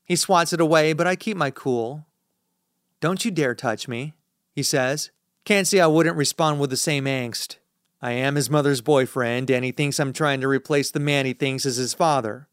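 A man reading a first-person thriller as an audiobook narrator, in a measured, tense storytelling manner. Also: mid-range voice, fairly even intonation, clear, resonant tone, no echo, clean studio sound.

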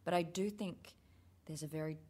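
A woman's voice: low-pitched, normal speed, mellow. A woman, a theatre writer, talking frankly and thoughtfully in casual chat, with some swearing.

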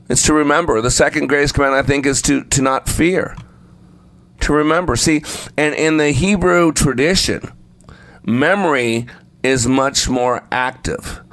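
A man's voice: mid-range voice, a bit bright, no room sound. Man, preacher, sermon, emphatic, repetitive phrasing, dry recording. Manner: emphatic, repeats phrases for effect; acts out the story voices while telling it.

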